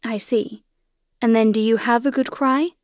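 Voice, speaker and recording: A woman voicing a kind, calm older male doctor in an audiobook, speaking gently and soothingly. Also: a little high, moderate pace, no room sound, studio quality, close to an everyday voice. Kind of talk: audiobook character reading.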